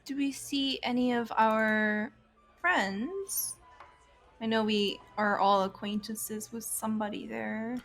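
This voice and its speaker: A woman's voice: on the high side, slow pace, a bit bright, soft background music. A woman player in a tabletop game who speaks hesitantly, opening with "um".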